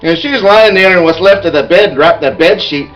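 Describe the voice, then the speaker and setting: A man's voice: high voice, moderate pace, a bit bright, recorded from a distance, faint music behind, poor audio. A man playing a boastful, bawdy male dwarf warrior who tells a rambling tavern tale in character. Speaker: player telling an in-character story. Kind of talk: in-character storytelling.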